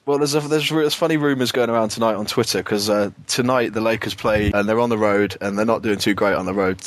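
British man, young, low-pitched, chatty basketball talk, dry close sound. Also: steady tone, fast talker, dry recording. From United Kingdom. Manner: chatty, many restarts and fillers, laughs often. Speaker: podcast co-host. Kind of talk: casual basketball chat.

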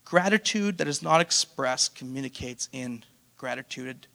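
A man's voice: mid-range voice, expressive, a little slow, vocal fry, bright, forceful tone. A man preaching a sermon as pastor, asking his congregation rhetorical questions and throwing in playful asides. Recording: long hall reverb.

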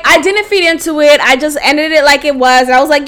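Animated, bright-voiced woman podcaster. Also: high voice, moderate pace, hardly any pauses, a little hiss or hum. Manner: animated, swings into loud exasperated outbursts and laughter. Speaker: podcast host. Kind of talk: casual solo podcast storytelling.

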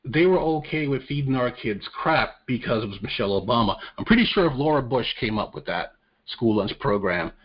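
A man hosting a podcast rants about the news in crude, profane terms and jokes as he goes. His voice sits at an ordinary middle pitch. The recording is dull and lo-fi. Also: expressive, fairly quick, slightly rough. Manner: crude, profane, joking rant. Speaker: podcast host. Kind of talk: casual political commentary. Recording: dull lo-fi audio.

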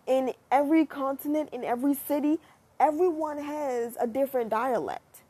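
A young American woman talking casually to her viewers, chatty and animated, swearing freely as she muses. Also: sits high, normal speed. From United States. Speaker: vlogger. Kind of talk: casual monologue to camera.

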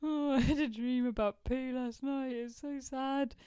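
A woman's voice: sits high, fairly even intonation, a little slow, mellow, smooth, no room sound. A woman co-hosting a podcast, chatting in a giggly, loose way full of "like". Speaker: podcast co-host. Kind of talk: casual chat.

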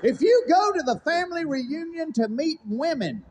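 A man's voice: very high voice, big pitch swings, normal speed, background noise. A man doing stand-up comedy on stage, delivering a punchy list of one-liners that keep returning to the same tag line. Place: comedy stage with a live audience.

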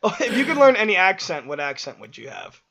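A young man chatting casually with a friend, enthusiastic and quick to laugh. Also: high-pitched, huge pitch swings, vocal fry, sharp tone. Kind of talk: casual chat.

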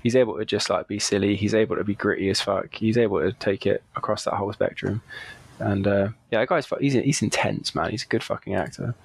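A man's voice: on the low side, quick pace, creaky, husky, dry recording. A man, co-hosting a podcast in casual chat, swearing freely and joking. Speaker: co-host.

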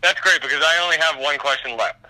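Bright-voiced New York man calling in. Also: a little high, fast talker, rough recording. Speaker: caller asking questions. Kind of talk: casual interview.

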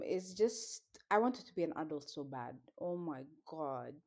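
A woman's voice: lowish voice, slow. A young woman co-hosting a casual podcast, teasing playfully and laughing often. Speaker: podcast co-host. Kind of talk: casual chat.

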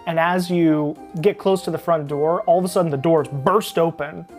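A woman narrating a tabletop game as game master, relaxed and dotted with fillers. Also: sits low, moderate pace, faint music behind.

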